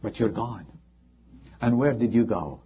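A man preaching a sermon as pastor, impassioned, rising high and then dropping to a hush. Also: animated, measured pace, breathy edge, dull audio. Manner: impassioned preaching with sudden drops to quiet.

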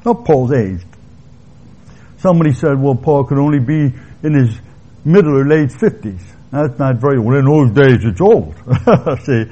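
Husky, mellow-voiced male preacher. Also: mid-range voice, lively intonation, lo-fi sound. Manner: conversational, pausing to restate points. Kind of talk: expository sermon.

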